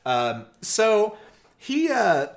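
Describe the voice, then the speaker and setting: Animated man telling a story on a podcast. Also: high voice, very slow, vocal fry. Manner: animated, acts out quoted people, swears often. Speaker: podcast co-host. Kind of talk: casual storytelling chat. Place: room, recorded in person.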